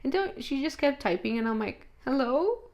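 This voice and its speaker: A woman's voice: a little high, fairly quick. A woman co-hosting a casual podcast, telling stories at an easy pace with many fillers and with Spanish phrases mixed into her English. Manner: relaxed storyteller, drops Spanish phrases, fillers like and um. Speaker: podcast co-host. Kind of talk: casual chat.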